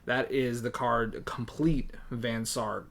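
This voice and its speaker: A man's voice: mid-range voice, fairly even intonation, slow, creaky, a bit bright. A man co-hosting a game shop's live show, chatting casually about miniatures, rambling with lots of "like" and jokes. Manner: rambling, lots of filler "like", jokey. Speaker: co-host of a game shop show. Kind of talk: casual product chat. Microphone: livestream.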